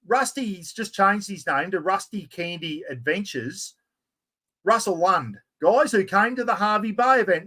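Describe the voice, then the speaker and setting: A middle-aged Australian man hosting a live giveaway stream, chatty and excitable, full of blokey slang. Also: sits high, unhurried. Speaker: livestream host.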